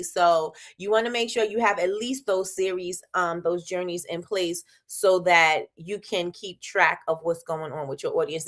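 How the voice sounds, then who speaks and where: A woman hosting a casual live advice chat for small business owners, lively and quick to laugh, speaking straight to her viewers with slang. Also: mid-range voice. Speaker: host of a small-business livestream.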